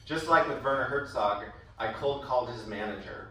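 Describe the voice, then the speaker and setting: A man's voice: mid-range voice, normal speed. A young adult man telling wry stories in a speech at a school event. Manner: wry, animated storytelling with laughs. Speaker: former student giving a speech. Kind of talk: storytelling speech. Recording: echoey hall from far off.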